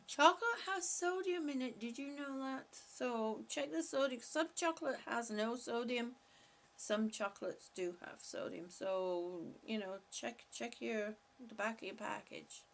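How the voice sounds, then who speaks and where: A woman hosting a relaxed live stream, talking slowly with a gravelly, creaky edge to her voice. Her voice sits a little higher than most. She reads out viewer comments, answers them, and laughs often between them. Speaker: vlogger reading live chat. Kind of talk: casual live-stream chat.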